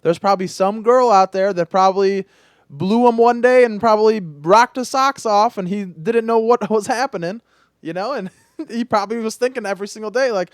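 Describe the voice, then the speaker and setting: A man's voice: high voice, moderate pace, clear, resonant tone, no room sound, studio quality. A man hosting a podcast in casual chat, gossipy and full of restarts as he talks. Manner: chatty, gossipy, hesitant restarts. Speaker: podcast host.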